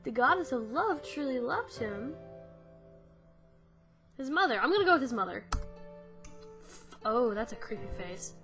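A woman's voice: fairly high pitch, sing-song, a little slow, pauses often, a bit bright. A woman giving casual gameplay commentary who swears often and yelps when startled. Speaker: let's-play gamer. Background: game music.

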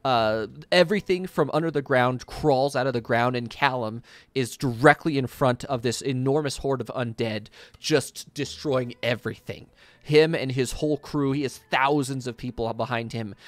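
A man running a tabletop game, narrating a scene at length in a rambling, vivid way with frequent fillers. His voice is mid-pitched and the sound is dry and close. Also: no room sound. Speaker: game master.

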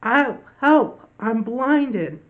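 A man's voice: extremely high pitch, lively intonation, very slow, voice pushed up, heavily acted. A man voicing a frightened, blinded man who stammers in a raised voice in a children's Bible story. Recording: tinny phone-like audio.

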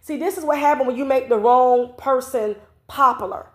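A woman's voice: high voice, moderate pace. A woman, scolding and piling on asides. Her voice bounces around an echoey room. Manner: blunt, profane, scolding, repetitive asides. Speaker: commentary vlogger. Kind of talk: ranting opinion vlog.

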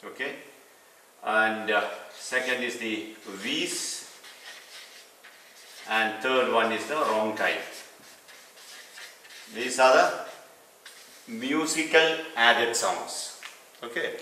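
A man's voice: mid-range voice, lively intonation, extremely slow, pauses often, bright, forceful tone, slight background noise. A man teaching a clinical lecture, explaining step by step and repeating key terms. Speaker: medical teacher. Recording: echoey room, mic at a distance.

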